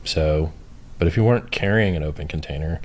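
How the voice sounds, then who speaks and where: A man's voice: rumbling low, brisk, very noisy. A man hosting a livestream, chatting casually in a blunt, opinionated way with frequent swearing. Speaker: livestream host. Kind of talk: casual chat.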